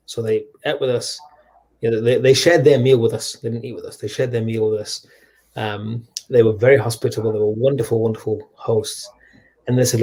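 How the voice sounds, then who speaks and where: Guest: husky man, animated storyteller, mid pitch, lots of restarts. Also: brisk. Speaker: guest, humanitarian charity leader. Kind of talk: storytelling in a conversation.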